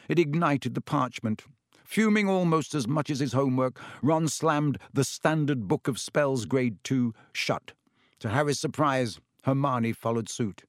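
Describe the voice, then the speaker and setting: A man reading a story aloud as narrator, expressive and measured. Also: mid-range voice, dry recording, studio quality. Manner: expressive reading with character voices. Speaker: audiobook narrator. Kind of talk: scripted narration.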